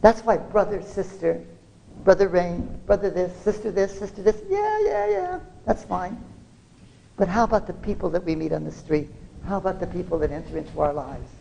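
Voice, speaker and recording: Lecturer, gravelly voice, animated, quizzes listeners with jokey asides. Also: mid-range voice, brisk, slight background noise, rough recording. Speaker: scholar lecturing to a class. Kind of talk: lively classroom lecture.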